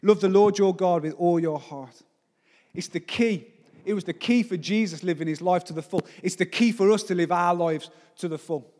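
Preaching at a church service, this forty-year-old pastor speaks emphatically and keeps throwing rhetorical questions at his congregation. His voice is high-pitched yet darkish, at a normal speed, and resonates in a large hall.

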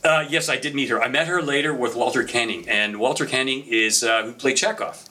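Animated man telling stories, bright voice. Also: mid-range voice, a little fast. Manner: animated anecdotal storyteller with frequent fillers. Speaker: podcast guest telling stories. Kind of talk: casual storytelling chat.

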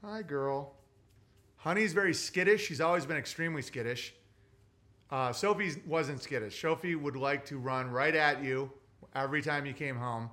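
A man rambles through viewer messages on his livestream, cursing freely and breaking off to talk to his dog. His voice is bright and forward, sitting a little high for a man. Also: normal speed. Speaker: livestream host reading super chats. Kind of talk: casual livestream chat.

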